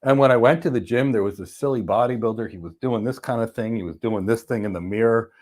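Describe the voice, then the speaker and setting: A man in casual podcast conversation, telling a story with steady, deliberate phrasing. His voice sits at an ordinary middle pitch, and he slows down to press his points home.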